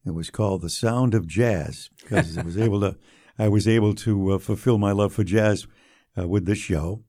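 An older man, a radio broadcaster recalling his early career in an unhurried, anecdotal interview manner. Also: lowish voice. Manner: warm anecdotal storytelling, drops quietly for quoted lines. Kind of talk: storytelling interview.

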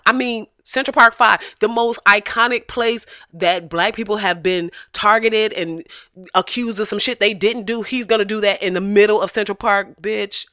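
Vlogger, profane rant, blunt and emphatic, bright voice, dry close sound. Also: mid-range voice, no echo. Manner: blunt, emphatic and swearing, with bursts of laughter.

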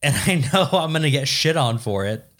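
A man's voice: mid-range voice, lively intonation, fairly quick. A Canadian man co-hosting a podcast, bantering casually and laughing often. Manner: jokey, swings into loud laughing put-on voices. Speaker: podcast co-host.

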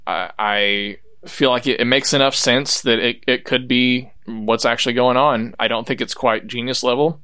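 Bright-voiced man hosting a podcast. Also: medium pitch, fairly even intonation, moderate pace, few pauses, clear, resonant tone. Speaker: podcast co-host. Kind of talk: casual chat.

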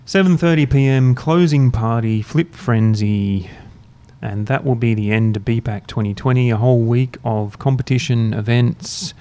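A man hosting a podcast, chatting in a relaxed, rambling, self-mocking way while drinking beer. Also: mid-range voice, moderate pace. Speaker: podcast host. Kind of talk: casual chat. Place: university room, drinking beer.

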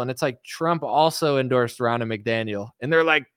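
A man's voice: mid-range voice, lively intonation, normal speed, hardly any pauses, fairly bright tone, smooth, dry recording, clean studio sound. A man ranting sarcastically on a casual livestream as a political commentator, rambling with constant fillers.

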